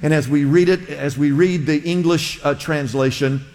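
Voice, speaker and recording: Pastor preaching in a reverberant hall. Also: male voice, fairly high pitch, fairly even intonation, moderate pace, darkish tone. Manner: conversational, asks the congregation to repeat words. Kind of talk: sermon.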